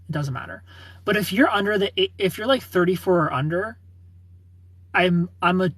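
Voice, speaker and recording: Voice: mid-range voice, a bit bright, husky, no room sound. A livestreamer in their thirties answering chat comments in a chatty, opinionated way and laughing often. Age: 30s.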